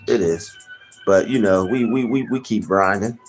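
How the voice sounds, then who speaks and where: A young man hosting a casual livestream, rambling and giving shout-outs to chatters by name. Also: on the low side, normal speed, faint music behind. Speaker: livestream host.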